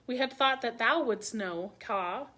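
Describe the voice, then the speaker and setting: A woman voicing a fond old male bear, a gentle teacher, speaking earnestly in a storybook reading. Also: a little high, unhurried. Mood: unsure.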